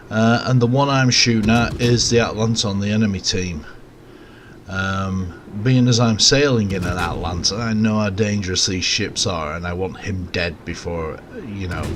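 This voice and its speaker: A man giving casual, rambling commentary over a recorded game, with relaxed, self-mocking asides. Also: deep voice, background noise. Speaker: gameplay commentator.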